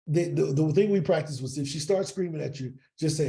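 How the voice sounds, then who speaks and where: A man from East St. Louis, a podcast guest telling animated stories and often checking in with "right?". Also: on the high side, moderate pace, vocal fry. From East St. Louis, Illinois. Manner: animated storyteller, keeps asking "right?". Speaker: podcast guest, sales coach. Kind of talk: casual interview storytelling.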